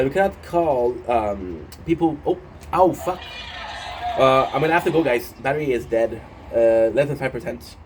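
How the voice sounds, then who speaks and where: A man's voice: medium pitch, a little mellow. Rambling, swearing man with faint noise. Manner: rambling with many fillers and restarts, swears casually. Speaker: show recapper. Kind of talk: casual rambling recap.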